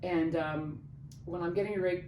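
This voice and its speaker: Middle-aged woman, opera singer guest, lively storyteller, lowish voice, roomy echo, mic set back. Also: normal speed. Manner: animated anecdote-telling, acting out quoted voices. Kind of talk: casual interview storytelling. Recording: roomy, distant mic, faint background noise.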